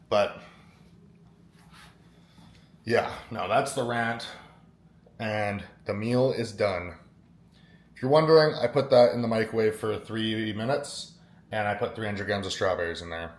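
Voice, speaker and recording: A man's voice: on the low side, unhurried, long pauses, echoey room. A young man talking casually in a fitness vlog, rambling and acting out what other people said. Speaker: fitness vlogger. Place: kitchen at home, then a gym.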